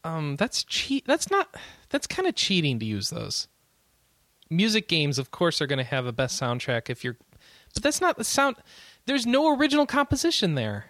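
A man co-hosting a casual podcast, excitable, laughing often and jumping up in pitch when indignant. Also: moderate pace, no echo. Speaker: podcast co-host. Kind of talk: casual chat.

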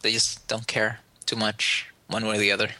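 A man co-hosting a casual podcast chat, quick and opinionated. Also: on the low side, monotone, sharp tone, no echo. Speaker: podcast co-host.

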